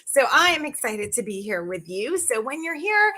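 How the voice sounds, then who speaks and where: A woman's voice: high-pitched, big pitch swings, moderate pace, pushed and bright. A woman sales coach chatting bubbly and directly to viewers in a live video, talking into a phone. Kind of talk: live social media video talk.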